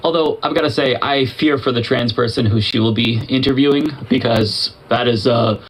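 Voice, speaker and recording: Male commentator, mid-pitch, measured and dry-witted, slight noise. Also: steady tone, low-quality recording. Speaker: online political commentator. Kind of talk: scripted commentary.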